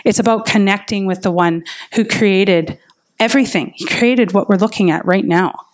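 A woman's voice: medium pitch, moderate pace. A woman preaching a sermon in an earnest, personal way, telling stories of her own faith. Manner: earnest and personal, with lively retold inner dialogue.

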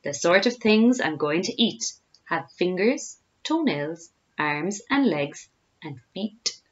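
A woman's voice: on the low side, animated, slow pace. A woman playing a gloating greedy crocodile. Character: greedy sly male crocodile, enormous. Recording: dull lo-fi home recording.

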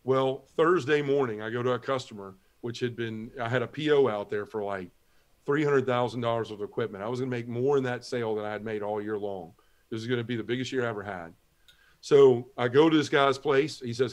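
This talk show guest speaks a bit quickly in a mid-range voice. He shares his own conversion story as a personal testimony, performing the conversations as he tells it.

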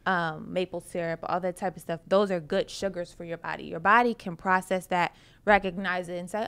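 A woman's voice: on the low side, fairly even intonation, fairly quick, a bit bright, clear, resonant tone. A woman, a personal trainer, talking in a casual talk show chat in an emphatic, passionate way. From United States. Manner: emphatic and passionate, laughs often.

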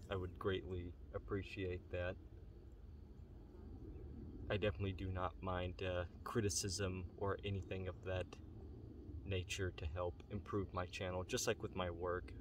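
A man with a deep, fairly monotone voice talks casually to his viewers in an earnest, halting way. He is recorded outdoors from a little distance. Faint outdoor noise with the odd passing vehicle sits behind him. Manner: earnest, halting, many pauses. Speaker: pipe-smoking channel host. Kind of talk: casual vlog talk to viewers. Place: outdoors on a rural property.

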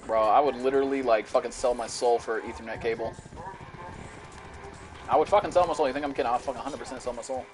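A man's voice: medium pitch, fast talker. Young guy streaming a shooter, swearing nonstop at lag, music going behind him. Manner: profane, frustrated, rants and yells at the game. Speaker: game streamer. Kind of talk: live gameplay commentary.

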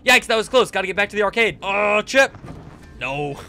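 A young man doing let's play commentary, excitable, reacting loudly and laughing. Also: sits high, normal speed, slight background noise. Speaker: gaming YouTuber.

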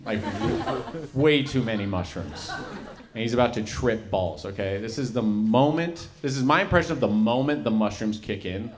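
A young man performing a stand-up set, animated and leaping into high excited voices for the people in his stories. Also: moderate pace, a little hiss or hum. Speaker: stand-up comedian. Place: comedy venue. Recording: loud laughing crowd.

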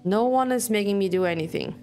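A woman voicing a stubborn young woman, reading game dialogue aloud in a calm, quietly determined way. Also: mid-range voice, fast talker, faint music behind, natural voice. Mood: steady.

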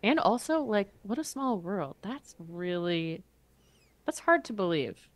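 A woman co-hosting a casual podcast, reacting with quick banter and frequent laughter. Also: medium pitch, sing-song, dry recording, studio quality. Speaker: podcast co-host.

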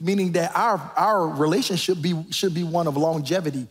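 A man preaching a sermon as pastor in a church, animated and preacherly, rising to near-shouts. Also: a little high, fairly quick, hardly any pauses. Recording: reverberant church sanctuary.

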